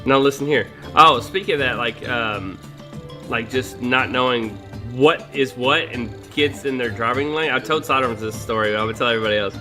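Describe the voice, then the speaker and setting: A young man hosting a gaming session, telling a profane, animated story over voice chat. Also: mid-range voice, a little fast. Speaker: gaming channel host. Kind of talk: casual voice chat while gaming. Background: background music.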